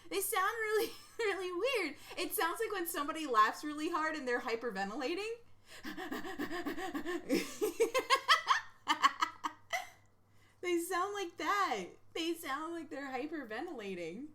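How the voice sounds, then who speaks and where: A woman streamer chatting casually while reacting to videos, giggly and excitable, rambling from thought to thought. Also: very high voice, normal speed, hardly any pauses.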